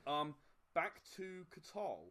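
A man's voice: sits high, measured pace. A man running a tabletop game as game master, narrating with many fillers and restarts. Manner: hesitant, filler-heavy, with sudden animated outbursts.

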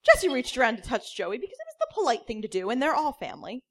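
A woman comedian reading a story aloud in a deadpan manner, now and then cracking up. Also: on the high side, quick pace, noisy background. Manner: deadpan, breaks into laughter.

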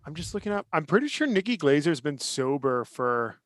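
A man's voice: on the high side, sing-song, brisk, fairly bright tone, dry recording. A man co-hosting a podcast, chatting casually with a dry, teasing manner. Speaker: podcast co-host. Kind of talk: casual chat.

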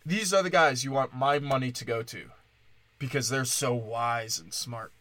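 A man's voice: mid-range voice, moderate pace, pushed and bright, no room sound. Profane, sarcastic ranting man. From Wisconsin. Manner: shifts between mocking and exasperated outbursts. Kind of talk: solo comedic rant.

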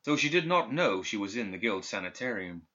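A man reading a dark fantasy story aloud in steady, even scripted narration. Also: on the low side, fairly quick. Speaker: audiobook narrator. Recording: dull lo-fi recording.

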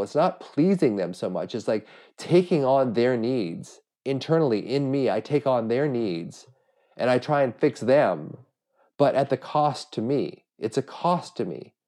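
A man's voice: mid-range voice, mellow. A middle-aged man hosting a solo podcast, talking in an earnest, self-searching way with frequent restarts while he has a cold. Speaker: podcast host. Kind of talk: reflective solo podcast monologue.

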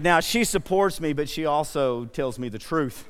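A man's voice: a little high, expressive, moderate pace, hardly any pauses, fairly bright tone, clear, resonant tone. A male pastor preaching a sermon, mixing joking stories with earnest exhortation. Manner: storytelling, self-deprecating humor, exhorting. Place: church sanctuary. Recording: long reverb in a church hall.

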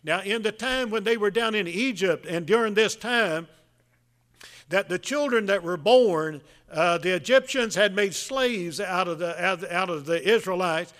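A man preaching a folksy sermon, telling a Bible story in a halting way with many filler sounds. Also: high-pitched, a bit bright.

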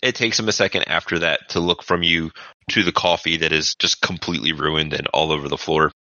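A man's voice: extremely low pitch, steady tone, fairly quick, sharp tone, no room sound, highs cut off. A man serving as game master who narrates a tabletop game in a casual, descriptive way.

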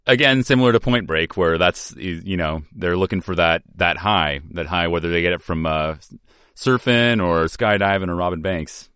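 Deep-voiced man with dry remarks. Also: moderate pace, fairly bright tone, smooth, dry recording. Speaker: podcast co-host. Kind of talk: casual movie podcast chat.

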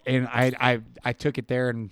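A man's voice: medium pitch, monotone, normal speed, a bit bright, clean tone, dry recording, studio quality. A man on a podcast telling a rambling, profane story in casual slang. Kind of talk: casual chat. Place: podcast studio.

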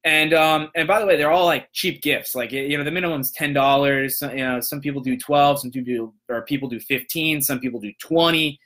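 Bright, animated man telling a story. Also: a little high, fairly quick, few pauses. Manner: animated, acts out voices in quotes. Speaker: podcast host, motivational speaker. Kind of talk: casual storytelling.

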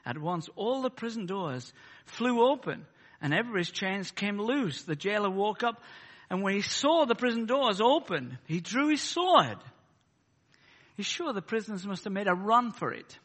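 A man preaching a sermon. He swings between loud, fervent peaks and soft, chatty asides. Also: high-pitched, very animated, normal speed, big-room sound.

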